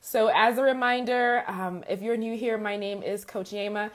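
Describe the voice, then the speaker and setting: A woman hosts a live stream in a relaxed, chatty way, her voice raspy from a sore throat. She keeps greeting viewers by name and checks in with "okay?" as she talks. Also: medium pitch, moderate pace. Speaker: faith and life coach, live-stream host. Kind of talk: casual live-stream talk.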